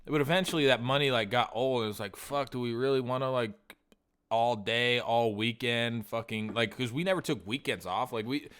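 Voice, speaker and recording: A man's voice: mid-range voice, normal speed, a bit bright, clean tone. A man co-hosting a podcast, chatting casually, rambling, swearing often and acting out old conversations. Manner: rambling, swears a lot, acts out past conversations. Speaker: podcast co-host. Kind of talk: casual chat.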